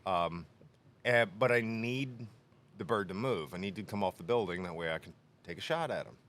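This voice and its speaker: A man's voice: lowish voice, normal speed, fairly bright tone, a little hiss or hum. A man on a shop podcast telling a story in casual chat, laughing often and acting out the quotes. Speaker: podcast co-host. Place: workshop podcast room.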